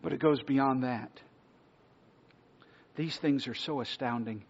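A male pastor delivers an earnest sermon with a husky, slightly breathy voice, at a middling pitch. He sometimes drops to a hush to press a point home. The recording is dull and lo-fi. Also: slow, long pauses. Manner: earnest preaching, dropping to a hush for emphasis.

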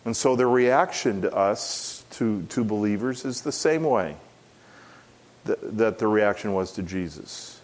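A man's voice: on the low side, lively intonation, a little slow, a little mellow. Emphatic middle-aged male preacher. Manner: earnest, emphatic, repeats key phrases. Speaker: pastor. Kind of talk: expository sermon.

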